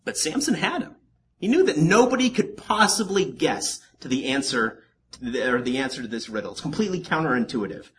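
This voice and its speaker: A man delivering a sermon in a bright, forceful voice, his pitch leaping up and down as he jokes and turns to the congregation. His delivery is animated, with a conversational teaching style. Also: fairly quick, slight background noise. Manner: animated and joking, with asides to the congregation. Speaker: pastor teaching a Bible study.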